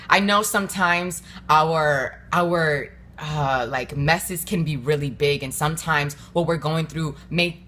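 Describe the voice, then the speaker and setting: A woman's voice: low voice, unhurried, hardly any pauses, fairly bright tone. A woman hosting her own show in a casual motivational chat, earnest and encouraging, talking straight to viewers with loose fillers and repeats. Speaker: host.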